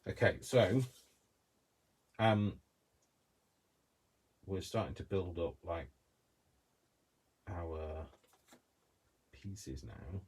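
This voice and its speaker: Coventry-accented man, deep voice, chatty craft host muttering to himself mid-project. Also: lively intonation, very slow, long pauses, a little mellow, slightly rough. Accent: Coventry English. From Coventry, England. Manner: chatty, rambling, talks to himself while working. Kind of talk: casual crafting demonstration.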